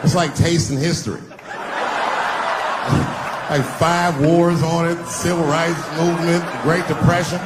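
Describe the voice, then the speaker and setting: A middle-aged man doing a live stand-up routine, punchy and profane, swinging between loud bursts and low asides. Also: level tone, measured pace, long pauses. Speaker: stand-up comedian. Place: comedy stage before a live crowd. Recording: noisy live stage recording with audience.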